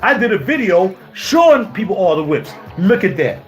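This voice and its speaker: Indignant high-voiced man ranting on stream. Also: very animated, moderate pace, faint music behind. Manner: indignant, repeats himself, rhetorical questions. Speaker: YouTuber. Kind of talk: heated live-stream rant. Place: home music studio.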